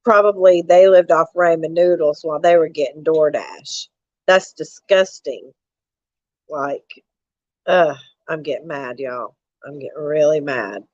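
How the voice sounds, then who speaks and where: A woman's voice: low-pitched, a little slow, darkish tone, no room sound. Angry, profane woman ranting to her stream. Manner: angry, profane, repeats herself, addresses chat as y'all. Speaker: live streamer. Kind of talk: casual ranting live stream. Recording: dull lo-fi dry sound.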